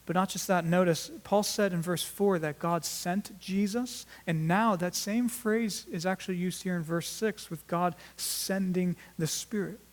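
Man, pastor, teaching sermon, fairly high voice, earnest, emphatic, restarts phrases. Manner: earnest teaching with emphatic rises and quiet drops; restarts and repeats words.

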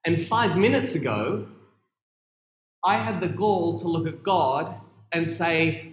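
A man preaching a sermon in a church, earnest and reflective, with long pauses and emphatic stresses. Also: on the high side, animated. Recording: roomy echoey room.

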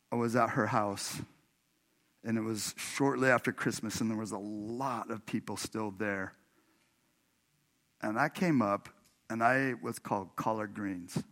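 A man's voice: lowish voice, a bit bright. A man from Washington state, a pastor preaching a sermon in a church, telling a personal story in a chatty way and often laughing as he talks to the congregation. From Washington state, USA. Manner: conversational, laughs often, addresses congregation directly. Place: church sanctuary.

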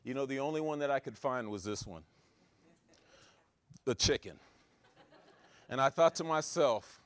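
A man preaching a sermon, swinging between loud exhortation and quiet asides, driving his points home with repeated rhetorical questions. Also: medium pitch, lively intonation, measured pace, pauses often, dry recording.

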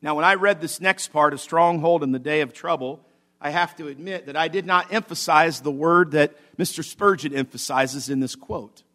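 A man with a somewhat high voice preaches to his congregation in an emphatic, repetitive style. He checks in with a quick "okay?" between points. Then he works himself up into fervent exclamations. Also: pushed and bright. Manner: emphatic, repeats key phrases, checks in with "Okay?". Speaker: pastor. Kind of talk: sermon. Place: church service.

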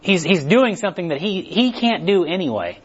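Delivering a relaxed, conversational sermon, this preacher animatedly performs the things people tell themselves. He has a high, husky voice at normal speed, and the recording lacks high frequencies.

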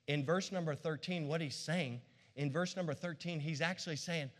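A man's voice: on the high side, moderate pace, a bit bright. A middle-aged man preaching a sermon as pastor, fervent and playful by turns. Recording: long hall reverb.

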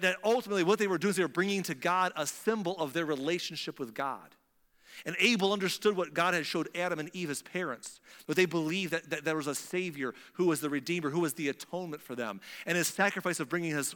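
Emphatic male pastor, bright and echoing. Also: a little high, quick pace. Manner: emphatic, repetitive, with frequent restarts. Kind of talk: sermon. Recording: long hall reverb.

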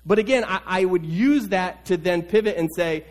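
Casting: lively male preacher, slightly high voice, storytelling sermon style with repetitions. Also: normal speed. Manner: animated storytelling, repeats key words. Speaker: pastor.

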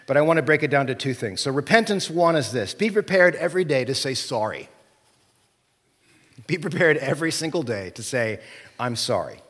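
Male pastor, slightly high voice, conversational sermon, long hall reverb. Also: lively intonation, brisk, fairly bright tone. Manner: conversational preaching with frequent "right?" and "okay?".

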